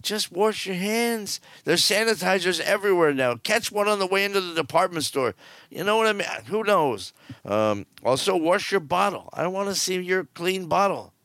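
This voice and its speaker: A man's voice: sits high, animated, normal speed, a bit bright, no room sound. An older man hosting a cruise news show, giving blunt, rambling and jokey commentary full of fillers.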